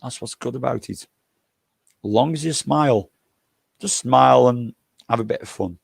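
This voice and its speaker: A man's voice: mid-range voice, moderate pace, gravelly, husky, no room sound, studio quality. An older man hosting a livestream, telling rambling, jokey anecdotes and swearing freely. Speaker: livestream host.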